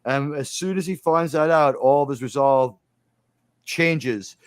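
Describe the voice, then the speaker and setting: A man with a slightly higher than usual voice chats on a podcast, walking through movie scenes in an animated, rambling way. He stumbles, restarts and fills gaps with "uh" and "you know." The sound is dry and close, with no room around it. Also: unhurried, smooth, no echo. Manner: animated storytelling, acting out movie lines; rambling with frequent fillers and restarts. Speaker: podcast host. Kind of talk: casual film discussion.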